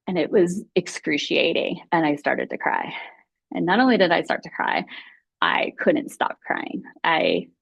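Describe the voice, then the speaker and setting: A woman's voice: fairly low pitch, animated, a little slow, vocal fry, breathy edge, dry recording. A woman speaking as a guest mindfulness teacher, telling her own story openly and confessionally. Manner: open and confessional, acts out her own past thoughts. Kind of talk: candid personal storytelling.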